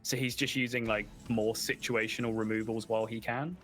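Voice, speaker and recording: A man's voice: mid-range voice, little pitch movement, fairly quick, fairly bright tone, soft background music. A man casting a live card game tournament, explaining plays at length with lots of casual fillers. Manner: analytical, filler-heavy explaining. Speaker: esports caster.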